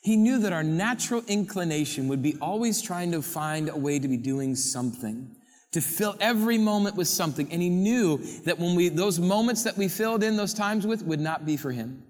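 A man delivers a sermon as a pastor, switching between animated, playful rhetorical questions and quieter reflection. His voice sits high for a man. A long reverb trails his words through a large church hall. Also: moderate pace.

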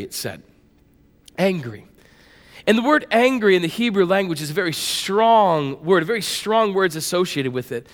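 A man preaching a sermon in a conversational, animated way, acting out the voices of biblical figures. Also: sits high, in a large hall. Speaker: pastor.

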